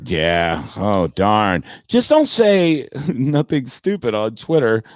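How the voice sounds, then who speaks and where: A man's voice: medium pitch, big pitch swings, slow pace, no echo. A man who works as a comedian, talking sports casually in a brash, profane way and mocking his critics. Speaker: comedian and podcast guest.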